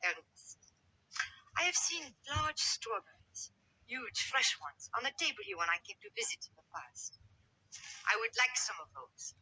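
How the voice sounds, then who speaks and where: Haughty bride from humble roots; high, lively, slightly husky, vintage TV drama. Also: female voice, unhurried, heavily acted, poor audio. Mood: imperious. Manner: haughty, scornful, theatrical. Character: proud newly wed village woman turned lady.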